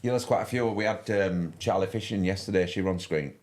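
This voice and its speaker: An older man with a broad West Yorkshire accent and a very low, deep voice talks casually as a fishing commentator. He rambles, restarting his sentences and filling the gaps with ums. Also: fairly quick, a little mellow. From West Yorkshire, England. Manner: rambling, with many restarts and fillers. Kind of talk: casual live-stream chat.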